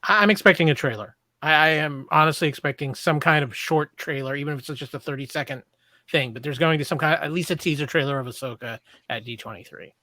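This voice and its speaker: A man's voice: a little high, fast talker, pushed and bright, dry recording. A man co-hosting a podcast in casual chat, eager and speculative, stumbling over restarts. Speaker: podcast co-host.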